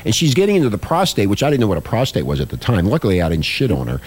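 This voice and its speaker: A man's voice: fairly low pitch, wildly swooping pitch, racing, darkish tone, slightly rough. A man hosting a talk show, telling a crude story in a rambling, profane way that repeats itself. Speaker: podcast host.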